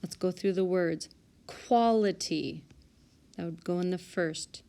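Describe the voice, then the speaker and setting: A woman teacher calmly and methodically working through a spelling list for small reading groups, correcting herself aloud now and then. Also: fairly low pitch, moderate pace. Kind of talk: recorded spelling lesson walkthrough. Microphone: tablet microphone.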